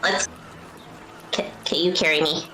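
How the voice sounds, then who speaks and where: A woman's voice: low-pitched, level tone, a little slow, over a noisy crowd. A woman playing her character in a tabletop game, playful and childlike. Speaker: player. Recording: echoey room with clear noise.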